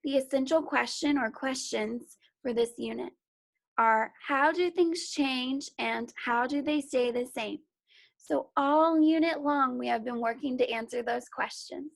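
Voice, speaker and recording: A woman teaching young children to read from home. She talks slowly and patiently, sounding out letters and praising each try. Her voice sits a little high with a gravelly edge. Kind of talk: remote phonics and reading lesson for young children.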